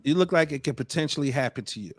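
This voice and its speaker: A man's voice: a little high, animated, fast talker, dry recording, clean studio sound. A man hosting a podcast live stream, chatting casually, reading out viewer comments and joking around with loose, profane banter. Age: adult father. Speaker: podcast host.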